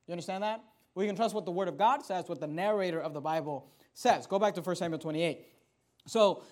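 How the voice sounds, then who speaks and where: A preacher with a notably high-pitched man's voice works through a Bible passage in sermon style. He is emphatic, swinging from loud, lifted declarations to quiet asides, and he keeps pressing his listeners with rhetorical questions. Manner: emphatic, rises and falls sharply in loudness, rhetorical questions.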